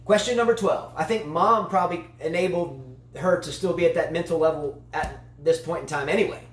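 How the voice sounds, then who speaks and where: A man's voice: a little high, brisk, echoey room. A man co-hosting a casual tennis chat show, a long-winded, playful storyteller. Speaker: tennis channel co-host.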